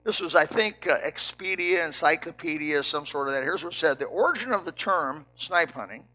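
Bright high-voiced older preacher telling a story. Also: male voice, fairly quick. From Indiana, United States. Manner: folksy, repetitive storytelling with animated quoted dialogue. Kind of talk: storytelling sermon.

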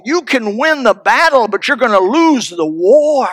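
A man's voice: extremely high pitch, big pitch swings, a little slow, few pauses, a bit bright, dry recording, clean studio sound. A man pastor preaching a sermon in an emphatic, folksy, storytelling manner.

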